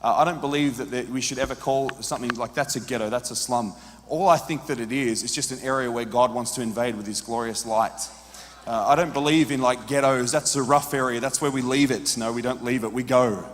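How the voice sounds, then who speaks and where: A man's voice: medium pitch, brisk. Australian man preaching in a reverberant hall. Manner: animated storyteller, acts out quoted dialogue. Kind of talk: storytelling sermon.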